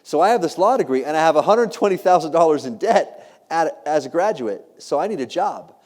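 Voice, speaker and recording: A man's voice: on the high side, fairly quick. 30s guy doing a funny keynote, bouncy up-and-down voice, self-deprecating, long hall echo. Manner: animated, self-deprecating, teasing the audience with questions. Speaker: keynote speaker. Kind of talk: humorous storytelling keynote. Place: large hall. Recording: long reverb of a large hall.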